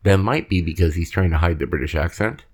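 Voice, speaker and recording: A man with a very low voice talking loosely on a podcast. He rambles in a relaxed way and lets his sentences trail off. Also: a little fast, husky. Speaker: podcast co-host. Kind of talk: casual chat.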